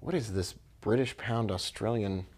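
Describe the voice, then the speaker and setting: A forex trader offers live trading commentary, thinking aloud, letting out upbeat exclamations, and addressing viewers by name. He has a fairly low voice, speaks at normal speed, and there is background noise.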